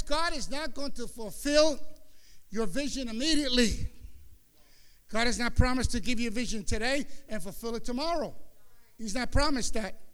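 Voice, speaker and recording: High, bright-voiced preaching man. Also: clean tone. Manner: emphatic preaching, bursts into shouts. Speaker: pastor. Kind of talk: sermon.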